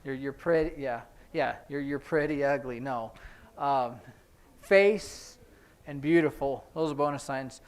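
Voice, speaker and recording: A man teaching a sign language class in a church classroom, explaining each sign as he demonstrates it, with hurried asides about the time. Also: medium pitch, clear, resonant tone. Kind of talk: classroom instruction.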